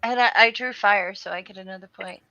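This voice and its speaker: A woman's voice: medium pitch, brisk, muffled recording, crowd noise. A woman chatting on a livestream over a video call, teasing and self-deprecating. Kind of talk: casual livestream chat.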